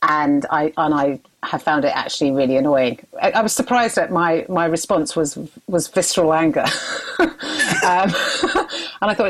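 A woman's voice: fairly low pitch, lively intonation, moderate pace, low-quality recording. A woman with a British accent, a comedian chatting frankly on a podcast. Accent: British English. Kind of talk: casual podcast chat.

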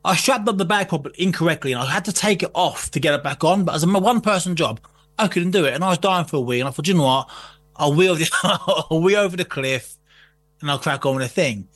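A man's voice: a little high, fast talker, a bit bright. A man telling a story in casual talk, swearing freely and acting out what people said. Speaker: guest.

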